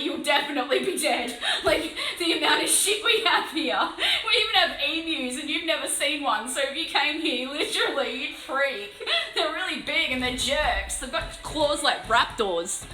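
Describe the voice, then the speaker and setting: A woman's voice: high voice, animated, moderate pace, bright, forceful tone, echoey room, soft background music, low-quality recording. An Australian woman chatting casually on a live stream while painting, laughing often and swearing playfully. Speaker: livestreaming miniature painter. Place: room alone.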